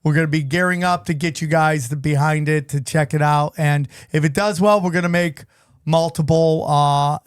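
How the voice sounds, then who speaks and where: Guy hosting a podcast, high voice, rambly, dry close sound. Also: normal speed, smooth, no room sound. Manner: animated, rambling with restarts. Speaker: podcast host. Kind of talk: casual podcast chat.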